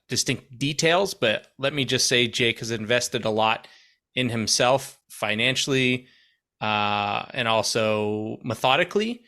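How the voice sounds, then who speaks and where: A man co-hosting a casual podcast, his voice a little gravelly, joking and easygoing as he talks. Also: mid-range voice, bright, forceful tone. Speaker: podcast co-host. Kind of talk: casual chat.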